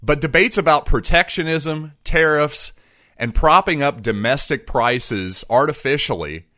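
A man narrating a history lesson from a script, with a bright, forceful tone. He makes his points emphatically and stops to ask rhetorical questions. The recording is close and dry, with no room sound. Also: medium pitch, no echo.

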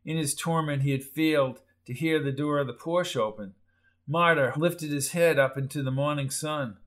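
A man reading a horror story aloud in a measured, dramatic narrating style. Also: on the high side, poor audio. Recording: voice over loud music.

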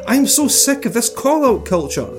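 A man's voice: very high voice, sing-song, moderate pace, over music, pitched above the performer's own voice. A man playing a smug male scientist writing a defensive letter, in a sarcastic, self-pitying tone of mock complaint.

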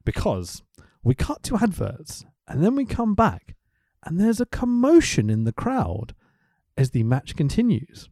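A man co-hosting a podcast, chatting excitably, swearing a lot and laughing often. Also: on the high side, unhurried, dry recording, clean studio sound. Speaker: podcast co-host. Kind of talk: casual chat.

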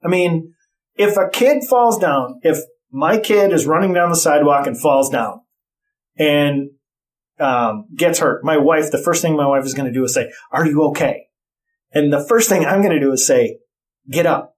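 A middle-aged man talks in relaxed conversation, bluntly telling stories with plenty of profanity. His voice sits a little higher than most men's. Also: moderate pace. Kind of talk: casual chat.

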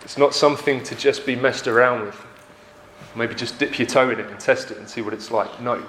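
A man's voice: medium pitch, steady tone, a little fast, fairly bright tone, slight background noise. A man preaching a sermon, earnest and emphatic, repeating phrases for effect. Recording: roomy echo.

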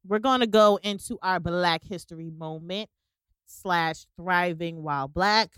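A woman co-hosting a podcast in relaxed, upbeat casual chat, with plenty of "um" fillers. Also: fairly low pitch, unhurried, clear, resonant tone, no room sound, studio quality. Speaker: podcast co-host.

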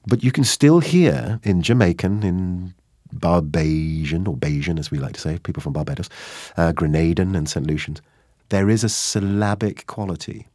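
A man, an actor, answering interview questions with animated stories, acting out quoted lines as he goes. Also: low-pitched, moderate pace, dry recording, clean studio sound.

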